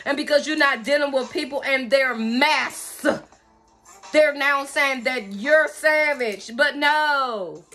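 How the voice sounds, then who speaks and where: Sassy high-voiced woman tarot reader. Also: sharp tone. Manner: sassy, emphatic, drawn-out stresses with pet names. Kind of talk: tarot reading channeling messages.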